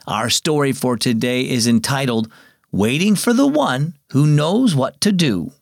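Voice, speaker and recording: A young man narrating a scripted devotional story for children, speaking in an encouraging way. His voice is mid-pitched with lively, varied intonation. The recording is close and completely dry. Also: unhurried, gravelly, dry recording. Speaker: host.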